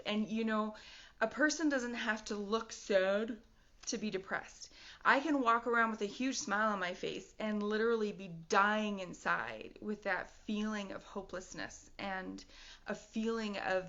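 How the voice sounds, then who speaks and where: A woman's voice: mid-range voice, fairly bright tone. A middle-aged woman telling her own story in a personal video, candid and rambling, laughing often between thoughts. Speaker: vlogger. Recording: dull lo-fi audio.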